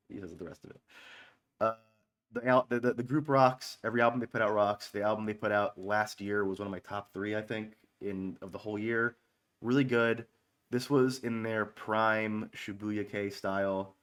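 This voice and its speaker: Rambling man in his thirties, slightly low voice. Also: fairly bright tone. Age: 30s. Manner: rambling and offhand, with frequent swearing and restarts; self-mocking, joking asides. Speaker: online radio stream host. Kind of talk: casual stream chatter between songs.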